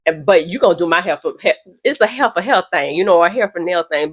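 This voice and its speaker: Low husky woman ranting at home, blunt and slangy, voice swoops all over. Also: animated, fast talker, hardly any pauses. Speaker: host reacting to stories. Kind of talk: casual commentary. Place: home room by a window.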